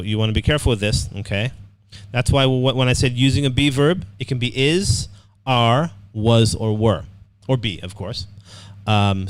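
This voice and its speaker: An upbeat man teaches an online class over a computer microphone, with a voice of ordinary middle pitch. He often repeats himself and checks in with the students. The sound is dry and close. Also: no echo. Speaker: English writing teacher.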